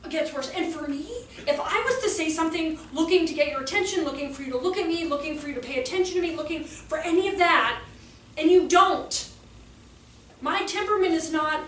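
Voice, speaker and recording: A woman in her forties, a behavior trainer giving a lively, sassy workshop talk to childcare staff and acting out the children's voices. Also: high voice, a little fast. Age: 40s. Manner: lively, sassy storytelling, acts out kids' voices. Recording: echoey room, distant mic, faint noise.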